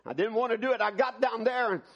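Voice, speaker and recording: A man preaching a sermon at a church service, swinging between loud, fervent appeals and hushed, prayerful passages. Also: very high-pitched, fast, highs cut off.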